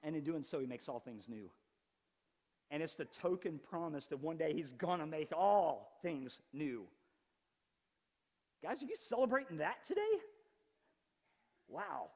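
A pastor in his forties preaching an animated, conversational sermon with touches of humor. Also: a little high, a little slow, long pauses, long reverb tail. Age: 40s. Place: church sanctuary.

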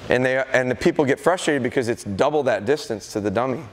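Speaking fast in a mid-range voice, a middle-aged man who trains dogs leads a live seminar full of stories, playing the parts of both dogs and owners. It takes place in an event hall at a deer festival, where the big space leaves a long reverb.

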